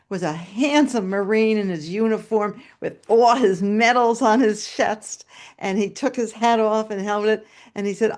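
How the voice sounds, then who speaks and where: Older woman telling a lively story. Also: mid-range voice. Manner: lively, expressive oral storytelling with voiced dialogue. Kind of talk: personal storytelling at a story swap. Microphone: video call.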